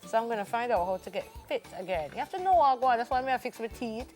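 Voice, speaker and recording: A woman in her forties with a Jamaican accent, co-hosting a morning TV show in a lively, playful way and slipping into patois. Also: fairly high pitch, fast talker, faint music behind. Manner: animated, playful, switches into patois. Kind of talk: lively studio chat and news reading. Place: TV studio.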